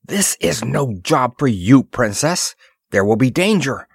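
A man's voice: medium pitch, very animated, unhurried, gravelly, husky, dry recording, studio quality, pitched above the performer's own voice, heavily acted. A man voicing a determined male expedition leader who talks bluntly and emphatically. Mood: firm. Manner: firm, clipped, emphatic speech.

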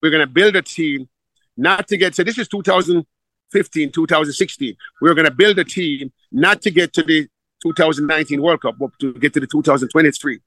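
A middle-aged man, a football coach telling stories in a conversational, animated way, repeating words and laughing as he goes. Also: a little high, brisk, dry recording. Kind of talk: conversational storytelling.

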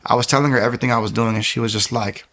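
A man's voice: mid-range voice, rapid-fire. A man earnestly telling his personal faith testimony, acting out the people in his story. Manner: earnest, acts out quoted people in lively bursts. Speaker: speaker sharing a testimony.

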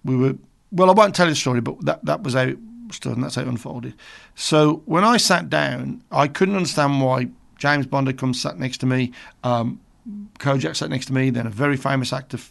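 A middle-aged man with a Birmingham accent hosts a radio show, talking casually and cracking jokes as he wanders through a story. His voice has a gravelly, fry-edged texture at an ordinary middle pitch. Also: fairly quick, fairly bright tone. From England. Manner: chatty, jokey, rambling storyteller. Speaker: radio presenter.

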